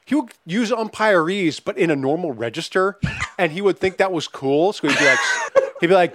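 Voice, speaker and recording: A man's voice: a little high, a little fast, a little hiss or hum. A man hosting a casual podcast chat, swearing freely and reading out listener questions. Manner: animated, profane, reads listener questions. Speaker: podcast host.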